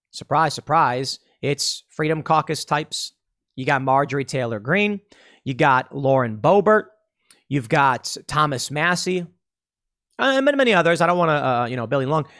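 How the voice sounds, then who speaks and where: A man talks through political news in a casual, sarcastic way, reading names and numbers off a list. His voice sits a little high for a man. The sound is dry and close, with no room echo. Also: fairly bright tone. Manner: sarcastic, conversational, reads out vote lists. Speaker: political commentary host. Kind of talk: solo political commentary.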